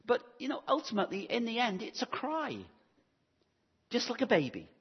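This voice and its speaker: This sermon comes from a man whose slightly husky, breathy, somewhat high voice swoops wildly in pitch at normal speed. Earnest and pastoral, he poses rhetorical questions to listeners, and the recording is muffled and lo-fi.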